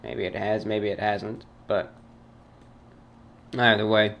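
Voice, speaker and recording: A man from the New York area with a British-New York blend accent, hosting a talk show and reading fan mail in a formal, measured, dry way. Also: lowish voice, little pitch movement, vocal fry, dull audio.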